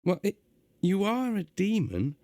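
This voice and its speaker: A man's voice: high voice, very animated, a little slow, dark tone, no room sound, studio quality, voice pushed up, exaggerated voice. A man voicing a timid, confused young male apprentice who stammers nervously.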